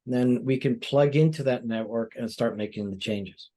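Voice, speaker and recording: Male doctor guest, calm explanatory talker, average pitch, lots of filler phrases. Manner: explanatory, measured, frequent "you know" fillers. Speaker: plastic surgeon guest. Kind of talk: interview answers.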